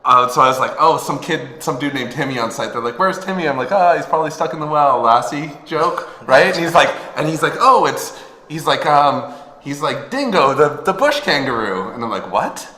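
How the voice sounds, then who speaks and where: A man co-hosting a podcast in casual comedic chat, telling animated anecdotes in slangy speech. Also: a little high, fairly quick. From Vancouver, Canada. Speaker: podcast co-host. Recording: roomy echo.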